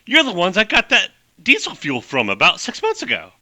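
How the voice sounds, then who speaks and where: A breezy, folksy woman flier from another era, as a man puts her on. She talks fast and clipped, her voice bright and sharp, leaping up and down in pitch. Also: huge pitch swings, no echo, full character voice. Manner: fast clipped old-fashioned talk, folksy exclamations. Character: brisk chatty woman aviator, cheerful and folksy.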